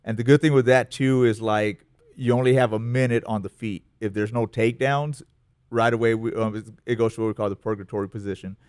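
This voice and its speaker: A man in his thirties with a Texan accent, a jiu-jitsu gym owner talking casually in an interview, relaxed and plainspoken with many fillers. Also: mid-range voice, fairly quick, smooth, no room sound, clean studio sound. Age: 30s.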